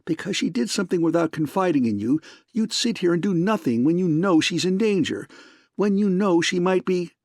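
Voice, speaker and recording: A man's voice: mid-range voice, lively intonation, moderate pace, darkish tone, no room sound, clean studio sound. A man reading an audiobook, voicing a worried, fiery young woman secretary in an impassioned, indignant manner.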